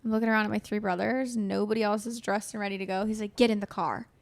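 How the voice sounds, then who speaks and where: In a quick-paced, mid-range voice with vocal fry, this young podcast host shares childhood stories in casual chat. Her storytelling is animated and heavy on profanity.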